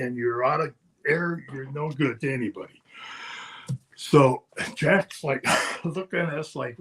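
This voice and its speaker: A man's voice: mid-range voice, fairly bright tone, slightly rough. An older man, a former wrestler, telling rambling anecdotes in casual podcast chat, often chuckling. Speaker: guest storyteller, former wrestler.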